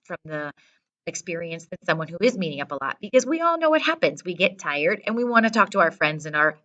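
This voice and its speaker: A woman's voice: on the low side, big pitch swings, quick pace, bright, forceful tone. A woman from the Midwest, a Spanish teacher briefing her students in a direct, instructive way and often checking in with them. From American Midwest. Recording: voice from a distance from the mic.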